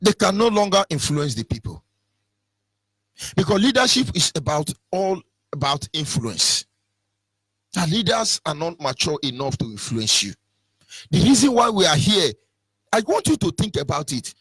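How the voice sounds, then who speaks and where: A Nigerian-accented man delivers a heated radio monologue in a bright, high voice. His tone is husky and the sound is dry and close. He chants lines over and over and drops into mock whispers. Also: very animated, normal speed, pauses often, no room sound. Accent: Nigerian English. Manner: fiery, repetitive chanting, swings from shouting to mock whispers. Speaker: radio presenter. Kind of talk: impassioned political monologue.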